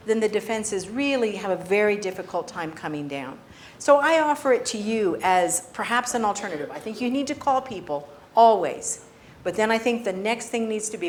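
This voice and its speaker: A woman panelist at a public forum who speaks in a measured, firm way and gives advice. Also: medium pitch, lively intonation, a little hiss or hum. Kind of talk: panel discussion response.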